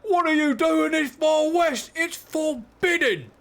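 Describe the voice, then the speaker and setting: Gruff guard, loud mock-Australian bark, pitched well up, a male streamer putting it on. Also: animated, slow, full character voice. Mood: hostile. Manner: shouted, exaggerated put-on accent.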